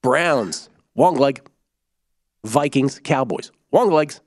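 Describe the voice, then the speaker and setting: Lively-voiced man hosting a betting podcast. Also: mid-range voice, dry recording, studio quality. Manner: animated, explanatory, quick asides. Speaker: sports betting podcast host. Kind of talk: casual sports betting talk.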